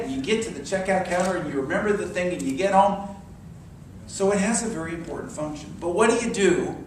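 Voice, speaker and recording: Guy doing a sermon-type class in a church, kinda high voice, big echo, mic way back, faint hiss. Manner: animated storyteller, acts out quoted voices. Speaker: minister. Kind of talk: sermon-style class talk. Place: church hall. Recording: echoey hall from far off.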